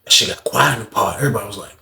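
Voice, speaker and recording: A man casually telling a prison story, acting out the people in it with raised, excited voices. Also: lowish voice, racing, gravelly, roomy sound. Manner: animated, acts out quotes in raised voices.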